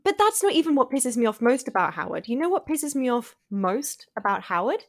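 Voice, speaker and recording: A woman's voice: on the high side, big pitch swings, fairly quick. A woman co-hosting a podcast, talking in a blunt, indignant way and swearing now and then. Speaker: podcast co-host. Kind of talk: casual review chat.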